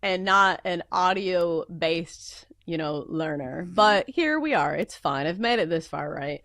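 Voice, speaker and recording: A woman's voice: on the low side, lively intonation, measured pace, a bit bright, no room sound, studio quality. A woman from the with a stuffy nose from a cold, hosting a sports betting radio show in a chatty style. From American South. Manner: chatty, lots of fillers and laughs. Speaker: radio host. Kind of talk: casual sports betting chat.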